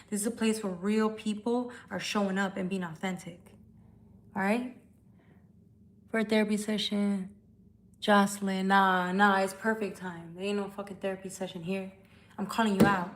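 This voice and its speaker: A woman of middle pitch hosts a live tarot stream into her phone. She talks bluntly and swears freely. She calls out commenters without holding back. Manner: blunt, profane, confrontational. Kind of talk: casual live-stream chat.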